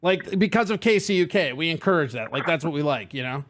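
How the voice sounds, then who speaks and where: A man's voice: fairly high pitch, lively intonation, fast talker, a bit bright. A man hosting a live call-in show, laughing often and swearing in a loose, rambling way. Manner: giggly, profane, rambling.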